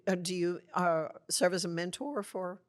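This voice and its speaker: A woman hosting a talk show who chats casually with her guest. She asks questions in an encouraging, playful way and responds with quick affirmations. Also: fairly low pitch. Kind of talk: casual interview chat.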